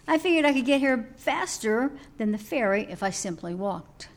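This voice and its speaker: A woman voicing a calm, faithful nun with a matter-of-fact, gently wry manner while telling a sermon story. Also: a little high, normal speed. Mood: breezy.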